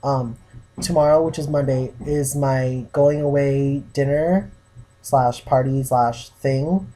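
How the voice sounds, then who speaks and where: A man's voice: medium pitch, takes it slowly, mellow. A young man vlogging to his viewers, telling a story in a chatty way full of "like" fillers. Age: young adult. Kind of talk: casual chat to camera.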